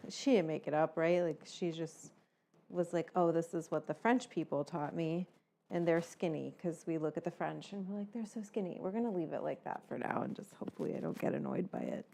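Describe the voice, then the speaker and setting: A woman's voice: lowish voice, creaky, dark tone. Chatty, profane woman cooking on a livestream. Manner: rambling, chatty and profane, with frequent fillers. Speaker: cooking show host. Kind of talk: casual livestream chat while cooking.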